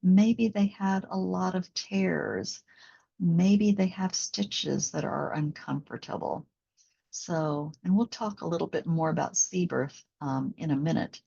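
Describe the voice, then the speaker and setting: A woman working as a postpartum doula and instructor, talking in a gentle, reflective way in a conversational interview, with many fillers. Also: fairly low pitch, gravelly, breathy edge, highs cut off.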